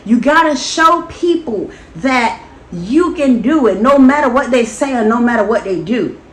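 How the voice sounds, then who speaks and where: A woman's voice: on the high side, a bit bright. A woman vlogger sharing a motivational personal testimony in an earnest, preachy storytelling manner. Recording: echoey room, faint background noise.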